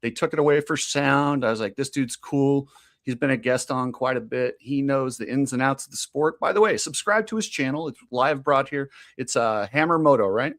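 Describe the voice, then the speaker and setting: A man co-hosting a casual motocross talk show, opinionated and quick to laugh. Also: mid-range voice, fairly bright tone. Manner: chatty, opinionated, laughs easily. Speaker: podcast co-host.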